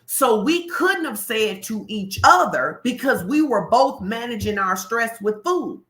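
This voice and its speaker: A woman pastor giving a lively, colloquial sermon-style talk, speaking straight to her listeners. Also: fairly high pitch, a little slow, echoey room. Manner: animated, colloquial, addresses the crowd directly.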